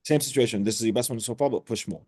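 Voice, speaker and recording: A man's voice: mid-range voice, a little mellow, breathy edge, no room sound. A man coaching trainees over a video call, blunt and direct as he runs role-play drills. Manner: blunt, direct, quick to cut in. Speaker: sales coach.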